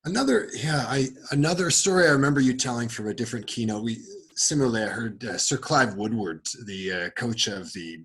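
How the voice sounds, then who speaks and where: A man's voice: medium pitch, animated, a little fast, hardly any pauses, a bit bright, slightly rough. A man interviewing a guest on a webinar, murmuring as he listens and asking questions with some hesitation. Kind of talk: conversational interview.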